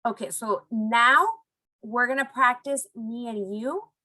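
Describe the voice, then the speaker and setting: A woman teaching Spanish phrases to young students in a recorded online lesson, encouraging them and modelling phrases slowly. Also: on the high side, sharp tone, poor audio.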